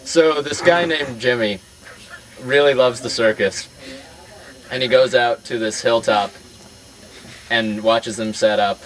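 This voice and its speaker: A man telling a long rambling joke to friends in a casual, halting way, with fillers and restarts. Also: medium pitch, poor audio. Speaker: joke teller.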